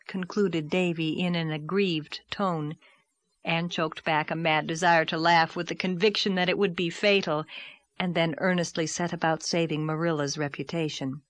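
A woman calmly narrating a classic story as an audiobook reader. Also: low-pitched, moderate pace, dry recording. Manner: calm, steady storytelling. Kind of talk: scripted narration.

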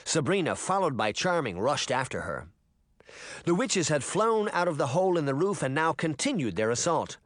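A man narrating a fantasy story as an audiobook reader, in expressive scripted narration. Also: a little high, moderate pace, no room sound, studio quality.

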